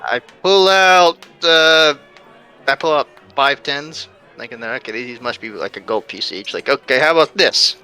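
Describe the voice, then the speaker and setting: A man playing a tabletop game, wisecracking in an animated way. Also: mid-range voice, normal speed, clear, resonant tone, soft background music. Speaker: player. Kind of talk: casual tabletop game play.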